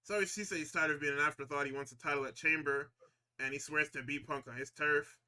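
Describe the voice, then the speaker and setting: This podcast host recaps wrestling a little quickly, his voice slightly high. He swears freely, keeps it casual, gets excitable, laughs a lot and plays out the wrestlers' lines.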